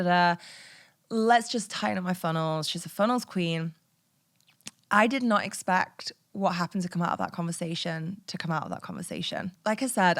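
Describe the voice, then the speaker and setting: A woman's voice: mid-range voice, a bit bright. Woman in her thirties, podcast host; frank, chatty personal storyteller who laughs easily. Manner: frank and chatty, swears casually, laughs often.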